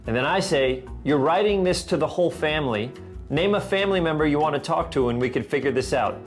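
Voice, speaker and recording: A man's voice: on the high side, animated, quick pace, soft background music. Man telling an exasperated family story. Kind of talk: telling an anecdote.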